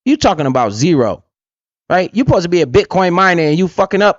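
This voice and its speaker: A man's voice: sits high, animated, brisk, no room sound, dull audio. A man hosting a casual livestream, talking bluntly with lots of swearing and keeps asking "right?". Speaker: livestream host and crypto investor.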